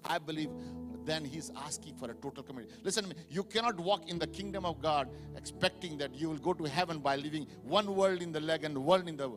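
A male pastor preaching a sermon to a live congregation, building from quiet reflection to loud, fervent exhortation. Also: a little high, a little fast, over music. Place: church sanctuary with live congregation.

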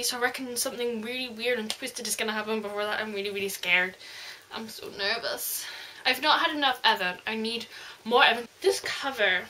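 A woman reviewing a book in a casual vlog, gushing and rambling excitedly. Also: fairly high pitch.

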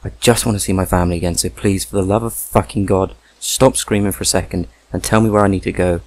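A young British man in a comedy sketch, pleading and exasperated, swearing and yelping high in frustration. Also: fairly even intonation, fast, darkish tone, no room sound. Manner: exasperated, pleading, swings into high-pitched yelps; swears a lot. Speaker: sketch performer.

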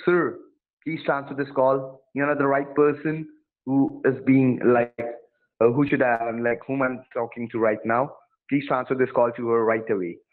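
A man's voice: medium pitch, fairly even intonation, normal speed. A man playing a support agent on a phone call, pushy and threatening, repeating his demands over and over. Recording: tinny phone line.

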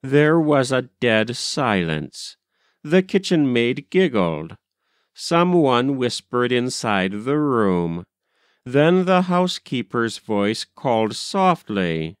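A man reading a classic children's story aloud in a measured, expressive storytelling manner. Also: mid-range voice, clear, resonant tone, dry recording, clean studio sound. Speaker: audiobook reader. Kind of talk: storybook narration.

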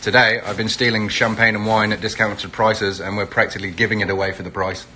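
A man's voice: lowish voice, level tone, a little fast, sharp tone, a little hiss or hum. A middle-aged Englishman, chatting casually on a phone live stream, greeting viewers by where they are and promoting an event. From England. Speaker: reality TV personality hosting a live stream.

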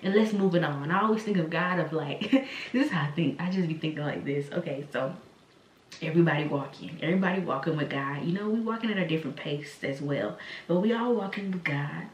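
A woman's voice: low-pitched, fairly quick, far from the mic. Conversational woman preaching in echoey room. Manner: rambling and conversational, many fillers and restarts. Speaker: podcast host. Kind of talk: casual spoken sermon. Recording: echoey room, voice from the mic, faint ambience.

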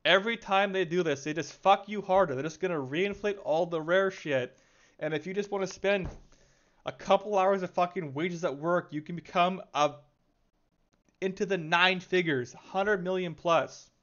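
An exasperated man rants with constant swearing and heavy sighs, his voice sitting a little high. The recording sounds dull and lo-fi. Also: moderate pace, fairly bright tone. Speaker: gaming video creator. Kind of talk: profane angry rant.

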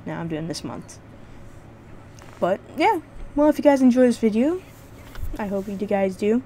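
A woman's voice: mid-range voice, animated, normal speed, warm tone, slight background noise. A woman vlogging casual game reviews, rambling and swearing freely with lots of restarts.

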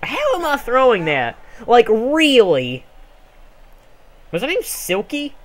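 A young man casually commenting on a sports video game he is playing, rambling and excitable with sudden yells. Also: extremely high pitch, normal speed. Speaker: gameplay commentator. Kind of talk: casual let's play commentary.

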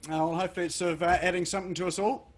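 A man's voice: sits high, little pitch movement, rapid-fire, background noise. Chatty Australian man hosting a video call. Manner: hesitant, many fillers. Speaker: webinar host. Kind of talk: casual chat on a video call.

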